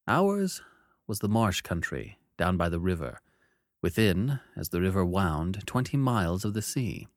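A man giving expressive, dramatic first-person narration of a classic novel. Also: deep voice, measured pace, dry recording, clean studio sound.

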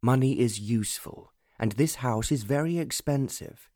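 A man voicing a petulant young gentleman who talks in a sulky, awkward, dismissive way in an audiobook. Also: medium pitch, normal speed, no room sound, studio quality, lightly acted. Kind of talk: audiobook narration.

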